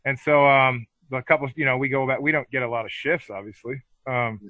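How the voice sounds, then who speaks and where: A man telling stories as a podcast guest in a casual interview, animated and swearing freely. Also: medium pitch, brisk, no echo, muffled recording.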